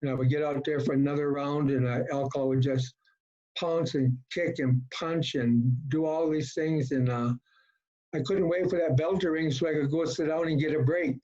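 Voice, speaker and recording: A middle-aged man from Colorado telling his personal recovery story at a meeting, folksy and halting, with many fillers. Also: a little high, steady tone, warm tone. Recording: dull lo-fi talk recording.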